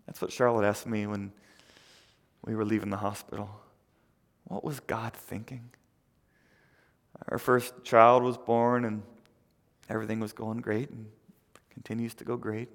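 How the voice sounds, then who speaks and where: A male pastor giving a conversational sermon who swings between loud emphasis and near whispers, often repeating words, in a church. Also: on the low side, flat delivery, normal speed, pauses often, in a large hall.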